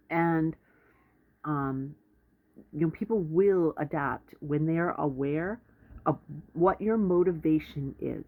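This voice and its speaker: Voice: mid-range voice, slow pace, a little mellow. A speaker giving blunt, rambling advice in a casual monologue, often stopping mid-sentence to restart. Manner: rambling, self-interrupting, blunt. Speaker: advice vlogger. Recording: tinny phone-like audio.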